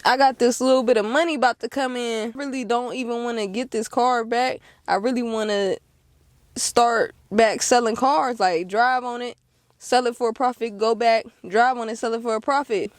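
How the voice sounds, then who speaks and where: A woman's voice: fairly high pitch, moderate pace, dry recording. A young woman, telling a story to camera casually and laughing often. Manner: animated, laughs often, acts out quotes. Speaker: car dealer and vlogger.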